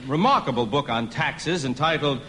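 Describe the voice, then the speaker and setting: Lively straight man under heavy hiss. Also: mid-range voice, moderate pace. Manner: patient, keeps breaking into laughter. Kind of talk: 1960s TV comedy sketch. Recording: heavily hissy old TV broadcast.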